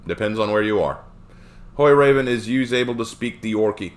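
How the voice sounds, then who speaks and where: A man streaming live, reading and answering chat questions in a rambling, animated way with frequent fillers. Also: lowish voice, a little fast.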